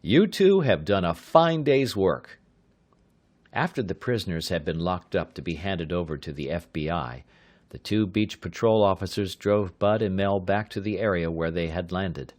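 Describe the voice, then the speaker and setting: A man narrating an audiobook in a steady, measured reading. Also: low-pitched. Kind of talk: scripted narration.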